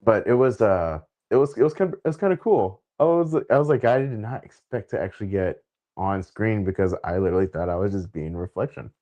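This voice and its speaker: Deep-voiced laid-back male host. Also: expressive, mellow, lo-fi sound. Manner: easygoing, laughs readily, halting fillers. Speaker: interview host. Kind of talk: casual interview chat.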